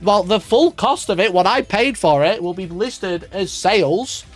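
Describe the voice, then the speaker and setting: A wargaming YouTuber reacts to a video on a casual livestream, ranting in an exasperated, sarcastic way, swearing often and laughing at himself. He speaks at a measured pace in a high voice, with soft music in the background.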